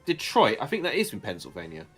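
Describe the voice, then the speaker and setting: An English man banters through a game stream, rambling and joking. His voice is fairly low yet bright and sharp, with a lively melody. Faint game music runs underneath. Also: quick pace, slightly rough. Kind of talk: casual chat while streaming a game.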